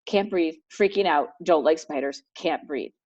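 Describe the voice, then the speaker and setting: A woman's voice: deep voice, normal speed, darkish tone, far from the mic. A woman voicing a cowardly male shark who panics and gasps for breath. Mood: panicked. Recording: dull lo-fi recording.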